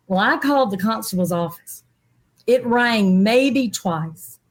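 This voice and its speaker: A middle-aged woman, a guest in an interview, telling a personal story in a lively way and acting out other people's voices. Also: fairly high pitch, measured pace. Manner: animated, acts out quoted people's voices.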